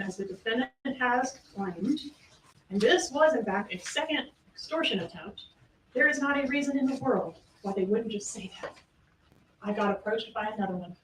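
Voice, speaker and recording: A woman's voice: mid-range voice, a bit bright, a little hiss or hum. A woman prosecutor giving a courtroom closing argument, emphatic and full of rhetorical questions. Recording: echoey room, distant mic, faint ambience.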